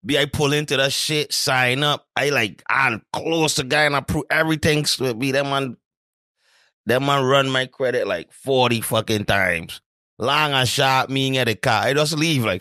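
A man with a middle-pitched voice chats in a relaxed way, swearing freely and telling funny stories. The recording is dry and close, with no room sound. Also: moderate pace, no room sound. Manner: laid-back, swears freely, laughs while telling stories. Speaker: podcast host. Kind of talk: casual chat.

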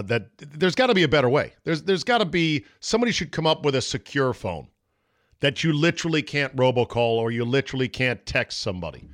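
A man's voice: mid-range voice, no room sound, studio quality. A man hosting a solo sports podcast, blunt and profane, mocking the takes he quotes. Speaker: podcast host. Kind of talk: opinionated solo sports talk.

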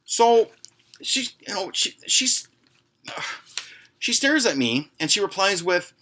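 A man hosting a podcast, telling a story in a casual, crude and heavily profane way, jumping higher and louder when he acts out his own angry lines. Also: sing-song, unhurried, pauses often. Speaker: podcast host.

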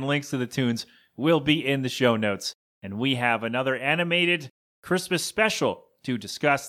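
A podcast host with a slightly raised pitch, chatting casually. He rambles along and pokes fun at himself as he goes. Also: sharp tone. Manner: rambling and self-mocking.

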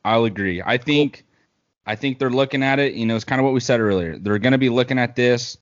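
A man's voice: mid-range voice, a little fast, lo-fi sound. A man co-hosting a casual sports talk show, rambling through football picks with plenty of fillers. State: hiccups. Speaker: podcast co-host.

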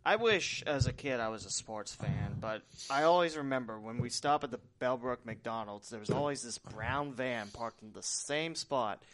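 Male host, chatty and jokey, mid-pitched, relaxed interviewer. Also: moderate pace, hardly any pauses. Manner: chatty, joking. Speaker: podcast host. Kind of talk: casual interview chat. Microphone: podcast microphone.

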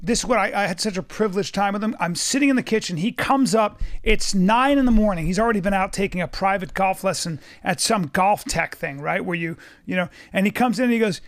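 A man's voice: high voice, a little fast, few pauses. A man hosting a podcast, talking in a casual, emphatic and profane way, often repeating words. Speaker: podcast host.

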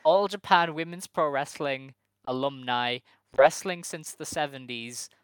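A man's voice: fairly high pitch, measured pace, a bit bright, clean tone, dry recording, poor audio. A man co-hosting a podcast, recapping in a wry, rambling chat full of fillers. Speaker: podcast co-host.

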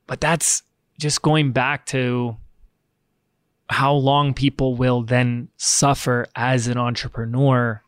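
A man's voice: mid-range voice, level tone, takes it slowly, clear, resonant tone, no room sound, clean studio sound. A man hosting a podcast interview, talking in a reflective, encouraging way with a guest. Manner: reflective, encouraging, short affirmations. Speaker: podcast host. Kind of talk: casual interview chat.

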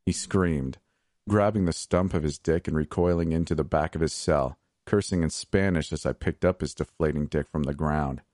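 A man narrating dark first-person fiction in a measured, unhurried way. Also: extremely low pitch, dry recording, clean studio sound.

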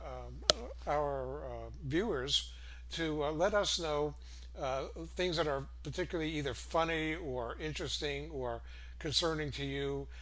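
A man's voice: fairly high pitch, background noise. An older man co-hosting a casual chat, chuckling often and hesitating with many fillers. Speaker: co-host.

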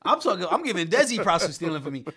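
A male comedian hosting a podcast, telling animated road stories and laughing often through them. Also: sits high, racing, crowd noise. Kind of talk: casual podcast chat, storytelling.

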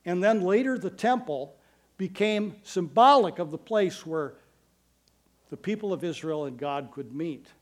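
A pastor delivers a sermon in a voice that sits high, earnest and emphatic, mixing quick asides with slow, stressed phrases.

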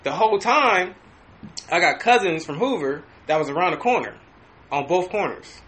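A man on a podcast casually telling a story, animated and profane, with frequent restarts. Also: high-pitched, normal speed. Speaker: podcast host.

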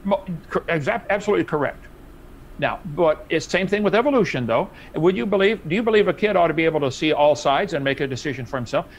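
A man's voice: a little high, animated, fast talker, dull audio. A man in a heated debate, talking emphatically and mockingly, with some faint noise behind.

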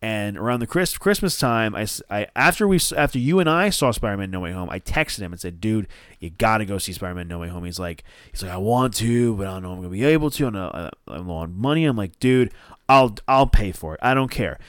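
A man's voice: fairly low pitch, lively intonation, fast talker, clean tone, dry recording, clean studio sound. A man, co-hosting a podcast and telling a rambling, profane story full of restarts. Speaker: podcast co-host.

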